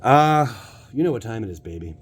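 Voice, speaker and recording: A man's voice: mid-range voice, sing-song, brisk, a little hiss or hum. An American man hosting a casual pack-opening video, joking and talking straight to his viewers. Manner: playful, jokey, talks to viewers. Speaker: channel host opening card packs.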